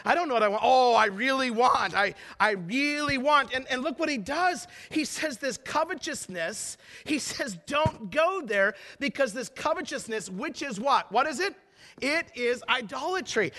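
A man's voice: very high-pitched, pushed and bright. A middle-aged man, a pastor, preaching a sermon in an emphatic, conversational way, full of rhetorical questions to the congregation. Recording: echoey hall with long reverb.

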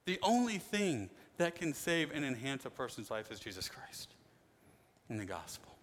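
A man preaching a sermon as pastor, emphatic, swinging between loud declarations and quiet asides. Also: mid-range voice, big pitch swings, moderate pace, slight background noise. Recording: long hall reverb.

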